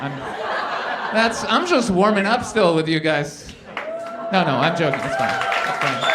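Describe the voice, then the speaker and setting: Animated high-voiced male stand-up comedian. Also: very noisy. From Canada. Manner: animated storytelling, acts out quoted characters. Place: live event with an audience.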